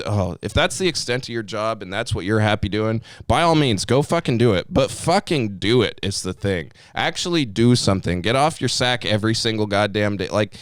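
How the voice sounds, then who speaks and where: Podcast co-host, man, 20s: smooth clear voice, dry close mic, angry profane rant. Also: lowish voice, normal speed, no room sound. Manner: heated, profane, mocking put-on voices. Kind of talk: profane ranting podcast talk.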